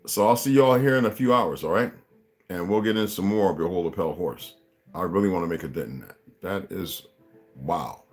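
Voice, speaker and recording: A man's voice: sits low, moderate pace, faint music behind. A man hosting a livestream, talking casually to his viewers in a rambling, preachy and profane way. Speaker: livestream host.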